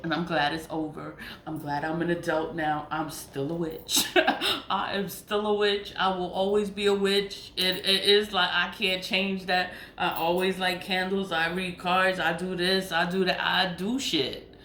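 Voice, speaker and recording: A woman's voice: lowish voice, little pitch movement, a little slow, a bit bright. A woman in her thirties, a spiritual vlogger, talking in a casual monologue, blunt and profane, repeating herself for emphasis. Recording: echoey room with faint noise.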